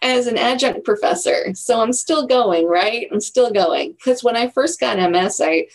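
A woman's voice: fairly high pitch, a little slow, low-quality recording. A middle-aged woman telling her own story in a candid, reflective way during a casual interview. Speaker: guest.

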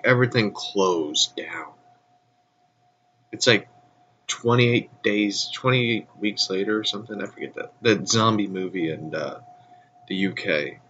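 A man's voice: lowish voice, pushed and bright, muffled recording, slight background noise. A man hosting a casual solo podcast, groggy from just waking up, with a stuffy nose and a rambling way of talking that trails off. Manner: rambling, laughs often, trails off. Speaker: podcast host.

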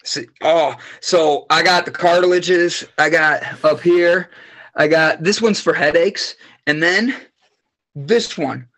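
A man guest on a podcast, telling rambling, animated stories and swearing freely in casual chat. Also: a little high, slow pace.

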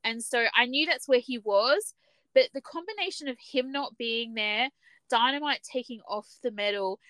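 A woman's voice: fairly high pitch, a bit bright, dry recording. Woman podcast cohost chatting, lots of restarts, acts out what she said, dry close mic. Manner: chatty, restarts a lot, acts out her own reactions. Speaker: podcast co-host. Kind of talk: casual chat.

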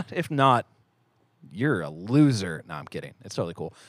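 A man's voice: on the low side, sing-song, normal speed, dry recording. A man co-hosting a podcast in casual chat, rambling and joking as he talks about faith and books. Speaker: podcast co-host; youth devotion leader.

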